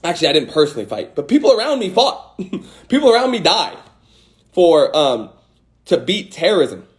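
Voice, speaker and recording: A man holds a casual livestream monologue into his phone. His pitch swings a lot and sits a little high for a man. He keeps firing rhetorical questions and swears bluntly to drive each point home. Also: sing-song, moderate pace. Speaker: host of an Instagram live. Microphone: phone mic.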